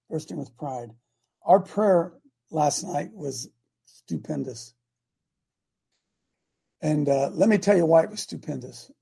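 The host, an older man whose voice is gravelly and husky, preaches on a morning talk show in a plainspoken, conversational way. Folksy and emphatic, he swings his loudness up and down for effect.

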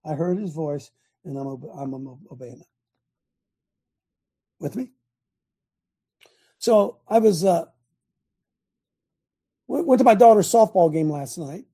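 A man's voice: a little high, animated, a little slow, pauses often, dark tone, slightly rough. An older man hosting a talk show, preaching in a folksy, emphatic way and repeating his points, recorded in a small home studio. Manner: folksy, emphatic, repeats phrases, quotes scripture. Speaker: host.

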